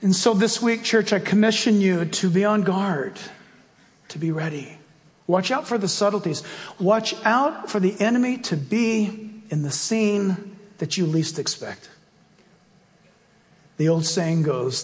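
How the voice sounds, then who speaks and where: A man's voice: high-pitched, lively intonation, a little slow, pauses often, long reverb tail. A man preaching a sermon as pastor, emphatic and full of rhetorical questions, ending in a fervent prayer.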